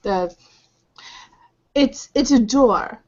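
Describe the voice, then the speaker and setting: A woman runs a tabletop game, narrating scenes in vivid detail and humming sound effects. Her voice sits slightly high. The recording is dull and lo-fi. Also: drawn-out words. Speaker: game master.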